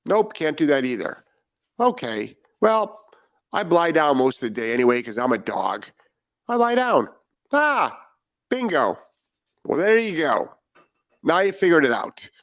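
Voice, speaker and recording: A man's voice: on the high side, big pitch swings, unhurried, pauses often, a bit bright, heavily acted. A man voicing a pet dog that talks itself through a problem in a musing, self-directed way. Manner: musing, talking to himself. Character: male dog thinking aloud, resigned and puzzled.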